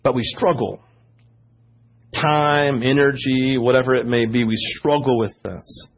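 A man preaching a sermon as pastor, growing louder and higher when he gets fired up. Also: fairly even intonation, measured pace. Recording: dull lo-fi church audio.

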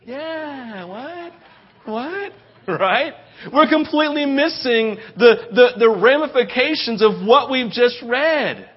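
A middle-aged man preaching a sermon in a casual, story-driven way. He keeps checking in with "right?" and leaps into a loud, high voice when he quotes someone excited. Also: a little slow, muffled recording. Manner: conversational, keeps asking "right?". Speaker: pastor.

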